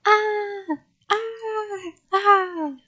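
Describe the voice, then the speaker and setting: A woman voicing a loud, bossy little kindergarten girl who shrieks with excitement. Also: slow, exaggerated voice. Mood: screaming. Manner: shrill, excited, screaming.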